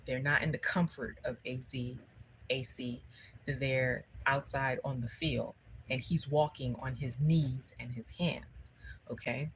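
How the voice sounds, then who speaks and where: A woman's voice: a bass voice, fairly even intonation, slow, a little hiss or hum, rough recording. A woman giving a spiritual livestream talk, telling a story conversationally and often checking in with her listeners. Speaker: spiritual speaker.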